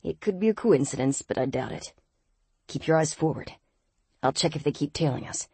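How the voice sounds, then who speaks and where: Woman doing teasing young man, audiobook, low voice, dry close recording. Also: normal speed, vocal fry, darkish tone, dry recording. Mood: tense, low. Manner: dry, laid-back teasing, turning low and terse. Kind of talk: audiobook character reading.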